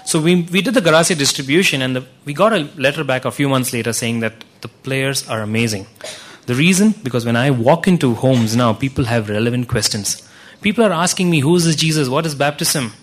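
A man's voice: mid-range voice, expressive, fairly quick. A man giving an earnest church talk with slides, telling stories with frequent restarts. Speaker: ministry speaker presenting to a church.

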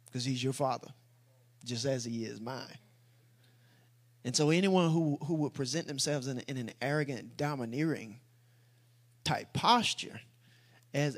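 A man preaching a sermon, moving from quiet reflection to loud, emphatic declarations. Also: medium pitch.

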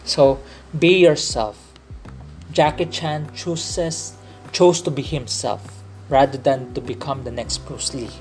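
An earnest man from the Philippines speaks English with a Filipino accent, hosting a faith-based podcast. His pitch sits in an ordinary middle range, and he keeps repeating phrases to drive each point home. Faint music plays underneath. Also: unhurried, darkish tone. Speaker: podcast host.

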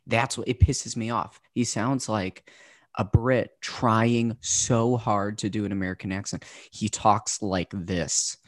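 A man's voice: lowish voice, steady tone, dry recording, clean studio sound. Opinionated man joking in casual chat. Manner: opinionated, joking, quick asides. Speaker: podcast co-host.

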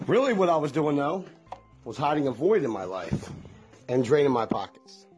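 A man's voice: on the high side, animated, moderate pace, darkish tone, faint music behind. A middle-aged man rambling in a folksy, chatty way, talking straight to his viewers in a casual monologue. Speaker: vlogger.

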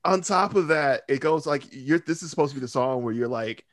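A man's voice: on the high side, animated, a little fast, a bit bright, dry recording, studio quality. A man co-hosting a podcast in casual chat, ranting animatedly with plenty of profanity and frequent laughter. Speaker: podcast co-host.

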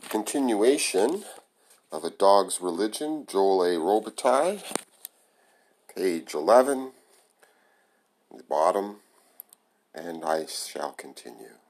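Man reading a novel aloud, low voice, plain amateur delivery that trips now and then. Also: very animated, takes it slowly, pauses often, a little mellow, slight background noise, rough recording. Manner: plain amateur reading with small stumbles and self-corrections. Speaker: reader.

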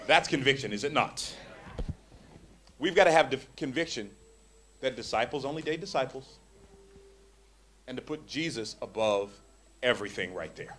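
A man preaching a sermon to a congregation, animated and joking, acting out the voices of the people in his stories. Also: medium pitch, moderate pace, long pauses, a little hiss or hum. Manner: animated, acts out quoted voices.

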